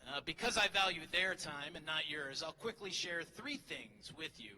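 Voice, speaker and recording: A man's voice: on the high side, animated, moderate pace, pushed and bright, a little hiss or hum. A middle-aged man, a teacher, giving a humorous graduation speech full of teasing, self-deprecating jokes from a podium microphone. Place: large hall at a graduation ceremony. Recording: hall reverb, faint crowd ambience.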